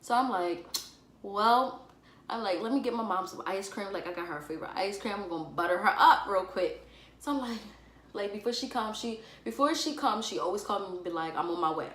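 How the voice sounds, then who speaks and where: A young woman vlogger, telling a personal story in a casual, animated and dramatic way, full of fillers. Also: mid-range voice, brisk. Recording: echoey room with faint ambient noise.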